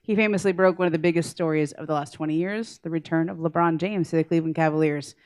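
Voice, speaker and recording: A woman's voice: low voice, fairly even intonation, fast talker, smooth. A young woman introducing an award honoree at a podium in a casual, chatty way, full of "like" and "um". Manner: casual, uses "like" and "um", warm praise.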